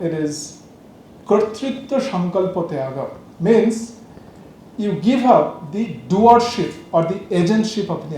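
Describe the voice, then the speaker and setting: A man giving a measured spiritual lecture, explaining ideas and telling a story with frequent fillers. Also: high voice, mellow, slight background noise. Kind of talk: lecture on yoga philosophy. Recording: very echoey room.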